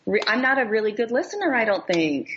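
A woman's voice: a little high, sing-song, fast, fairly bright tone, highs cut off, slight background noise. An older woman co-hosting a podcast in casual, chatty conversation, with self-mocking humor. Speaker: podcast co-host. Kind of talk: casual chat.

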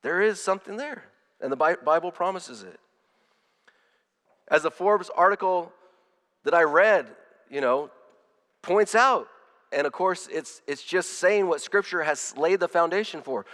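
A man's voice: high-pitched, lively intonation, measured pace, long pauses, a bit bright, big-room sound. A man preaching a sermon as pastor, earnest, often repeating words and restarting his phrases.

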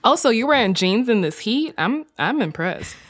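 Lively woman podcast co-host. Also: fairly high pitch, normal speed. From Southern US. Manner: animated, wry, swears casually. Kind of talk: casual chat.

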